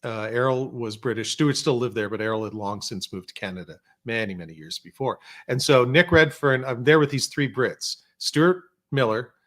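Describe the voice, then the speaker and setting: Man telling lively anecdotes. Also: medium pitch. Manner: animated anecdotes, puts on voices for quotes. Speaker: podcast guest, former researcher and filmmaker. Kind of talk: casual storytelling chat. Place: podcast studio.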